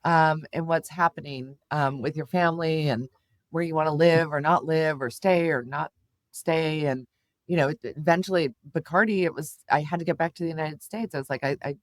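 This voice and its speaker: A middle-aged woman telling stories as an interview guest, animated and full of fillers. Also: low-pitched, normal speed, no room sound. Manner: animated storyteller, many fillers and laughs. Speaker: guest, communications executive. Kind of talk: casual interview chat.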